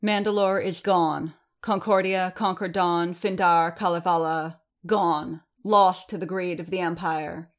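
A woman reading a proud warrior leader rallying her scattered people: a low-set, firm female voice that she raises and slows for weight on each point, with steady authority and no warmth wasted. It is told as an audiobook. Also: natural voice. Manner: firm, declaiming, slowed for emphasis.

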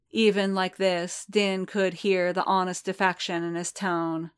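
A woman narrating a story in a slow, measured, even reading. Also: fairly low pitch, clear, resonant tone. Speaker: audiobook narrator.

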